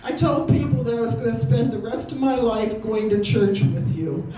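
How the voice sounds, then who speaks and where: An older woman does amateur stand-up before a community hall audience, delivering her jokes as relaxed anecdotes. Her fairly high, dark-toned voice has lively intonation and a moderate pace. The recording comes from a distant mic in a reverberant hall, with a little hiss or hum.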